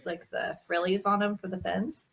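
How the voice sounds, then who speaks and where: A woman in her thirties co-hosting a casual podcast, telling stories with lively energy, swearing freely and acting out her kids' voices. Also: mid-range voice, normal speed, vocal fry, breathy edge. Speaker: podcast co-host. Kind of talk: casual chat.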